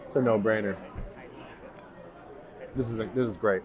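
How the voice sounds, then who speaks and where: A man's voice: on the low side, steady tone, normal speed, darkish tone. A man vlogging a food review in a restaurant, enthusiastic and raving about each bite. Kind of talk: casual food review to camera. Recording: busy restaurant crowd behind. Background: restaurant crowd chatter.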